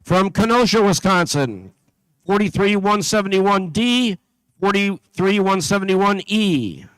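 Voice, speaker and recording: A man with a notably high voice reads out team after team at an event venue, working through a list at a steady pace with small slips and asides along the way. His voice sounds dry, with hardly any room around it. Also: unhurried, clear, resonant tone, dry recording, rough recording. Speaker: event announcer. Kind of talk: announcing teams at a competition.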